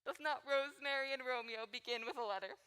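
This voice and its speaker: A woman's voice: sits high, fast, sharp tone, clear, resonant tone. A young woman acting a rambling, teasing old nurse in a school stage play. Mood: gossipy. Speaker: high school stage actor. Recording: school hall reverb.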